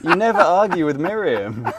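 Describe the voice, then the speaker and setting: A man in his forties with an English accent, hosting a casual interview, quick to laugh. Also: high-pitched, huge pitch swings, creaky, very noisy. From England. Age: 40s. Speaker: host, interviewer.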